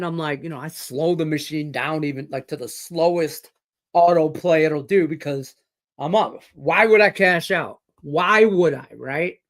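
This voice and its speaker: A middle-aged man from Detroit hosting a sports betting show, chatting casually and rambling through a profane story full of fillers. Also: a little high. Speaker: sports betting podcast host. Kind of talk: casual chat with betting picks.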